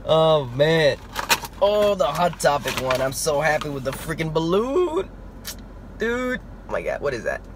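A young man chats to his camera from inside a car, his voice rising and falling in lively swings. He gets excited easily, swears, laughs and slips in Spanish words. Clear car and road noise runs under everything he says. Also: fairly high pitch, a little slow. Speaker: toy collecting vlogger. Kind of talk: casual vlog. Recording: noisy car interior.

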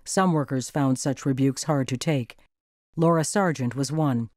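A documentary narrator telling the story in a steady, even manner. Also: mid-range voice, measured pace, dry recording. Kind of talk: scripted narration.

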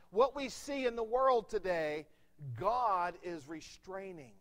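A man with a Pennsylvania accent preaches from the pulpit in a fairly high voice. He leans hard on key words, swelling loud and then dropping low. Long church reverb trails his voice. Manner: emphatic preaching, rises and drops in volume. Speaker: pastor. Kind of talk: sermon. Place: church sanctuary.

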